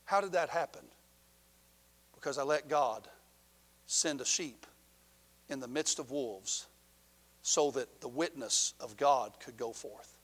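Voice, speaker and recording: A middle-aged man preaching a sermon, telling a story with passion, rising loud and then dropping low. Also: slow, pauses often. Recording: long hall reverb.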